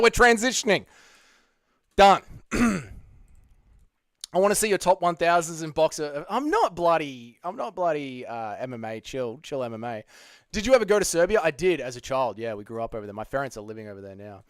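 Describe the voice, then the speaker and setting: A man's voice: mid-range voice, clear, resonant tone, no echo, clean studio sound. A young Australian man hosting a casual livestream, reading the chat aloud, joking and swearing freely. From Australia (Melbourne). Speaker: MMA channel host.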